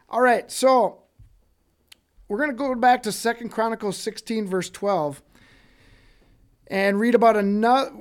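A man giving a casual Bible teaching, reading scripture and acting out the people in it, often checking in with "okay?". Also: sits high. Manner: animated, acts out quoted voices, frequent "okay?" check-ins. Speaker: preacher.

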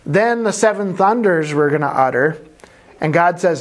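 Man leading a relaxed Bible study. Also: a little high, normal speed. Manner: thinks aloud, self-correcting, explanatory. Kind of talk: conversational Bible study teaching.

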